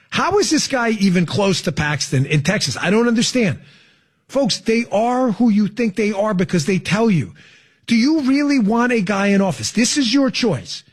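A man's voice: high voice, slightly rough. A man hosting political talk radio, sarcastic and emphatic, mocking what he hears. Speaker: radio talk show host.

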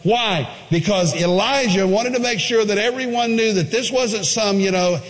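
Animated preacher man in a reverberant hall. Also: moderate pace. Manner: animated preaching, jumps high for quoted voices. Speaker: pastor. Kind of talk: sermon.

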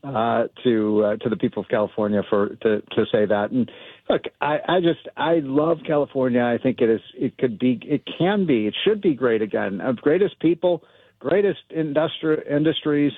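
Brief: male phone-in guest, lively pitch, narrow tinny phone sound. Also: moderate pace, no echo. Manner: animated, rambling, many fillers and restarts. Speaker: radio show guest. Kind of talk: phone-in interview. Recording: tinny phone line, dry.

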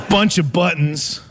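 A man in his forties performs stand-up live in a theater, his voice sitting high for a man. He rambles and mocks himself, often laughing mid-sentence, with faint room noise behind him. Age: 40s. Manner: rambling, self-mocking, laughs through lines. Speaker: stand-up comedian. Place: theater stage before a live audience.

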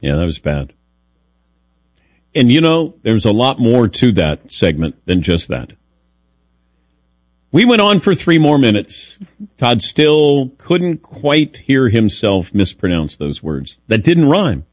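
A man hosting a sports radio show, teasing his co-hosts in a wry, lively way and reading an ad. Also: medium pitch, takes it slowly, no room sound. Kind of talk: casual radio talk and read ad.

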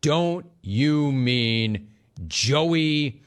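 A man's voice: fairly high pitch, expressive, drawn-out words. A man hosting a sports talk radio show, delivering a sarcastic, mocking monologue and reading listener messages. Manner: sarcastic, mocking, laughing at callers.

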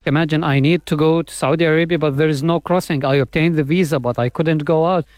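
A man's voice: a little high, steady tone, fast talker, darkish tone, no room sound. A man from Gaza talking casually in an interview, full of fillers like "like" and "uh". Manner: conversational, fillers like "like" and "uh". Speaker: interviewee, freelance writer.

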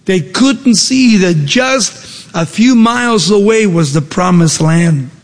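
A man's voice: high-pitched, animated, slow pace, long reverb tail. A man preaching a sermon, emphatic, with rhetorical questions and shifting pace. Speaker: pastor.

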